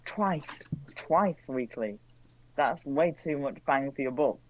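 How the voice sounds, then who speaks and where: A man's voice: medium pitch, lively intonation, takes it slowly, highs cut off, slight background noise. A man co-hosting a casual football podcast, giving a jokey, upbeat sign-off. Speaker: podcast co-host. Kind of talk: casual chat outro.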